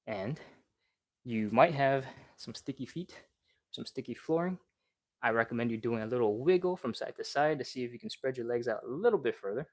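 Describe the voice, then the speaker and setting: Male live-stream stretch coach, fast-talking and upbeat, slightly out of breath, mid-pitched. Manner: chatty and encouraging, talks fast and rambles. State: a little out of breath. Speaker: stretching instructor.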